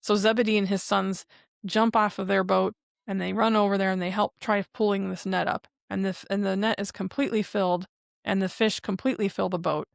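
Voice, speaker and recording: A woman's voice: mid-range voice, flat delivery, fairly quick, creaky, no echo, clean studio sound. A woman co-hosting a podcast, casually recapping a TV episode scene by scene in a chatty, rambling way. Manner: chatty retelling with frequent "and then" links. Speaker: podcast co-host.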